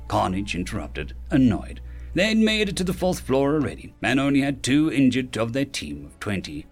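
A man narrating a fantasy web novel audiobook with expressive storytelling. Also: medium pitch, moderate pace, faint music behind. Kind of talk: scripted narration.

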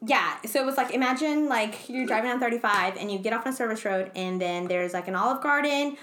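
Young woman cohost rambling thru a story, bright voice, lots of ums. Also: on the high side, fast talker, slight background noise. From not from the U.S. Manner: rambling, giggly storytelling with many fillers. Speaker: podcast co-host. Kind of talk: casual chat.

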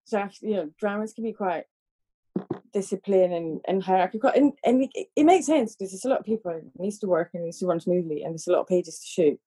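Casual woman guest, Spanish accent with Scottish lilt, mellow husky tone, chatty with frequent laughter. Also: mid-range voice, animated, fast. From Spain. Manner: laughs often, rambling with restarts. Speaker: podcast guest, focus puller. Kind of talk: casual interview chat.

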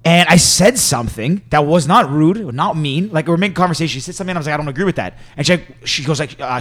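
A man talks quickly in a fairly high voice on a casual podcast. He rattles off a story in chatty bursts, quoting back and forth what was said. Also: lively intonation, fairly bright tone. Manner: rapid, chatty, quotes himself and others. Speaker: podcast co-host.

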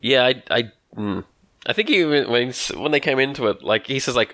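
A man's voice: medium pitch, animated, normal speed, fairly bright tone, dry recording. A man with an Australian accent, chatting casually as a podcast co-host, wry and joking, often laughing. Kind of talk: casual chat.

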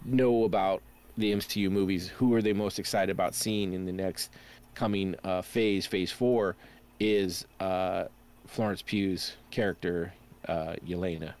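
Low-voiced man rambling about comics. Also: darkish tone. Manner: rambling, many fillers and restarts. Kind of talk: casual pop-culture chat.

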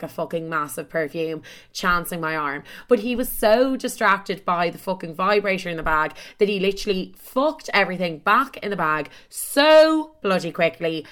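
A woman's voice: lowish voice, a bit bright. A young Irish woman in her twenties hosting a casual solo podcast, telling stories in a chatty, dramatic, self-mocking way and swearing often. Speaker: podcast host.

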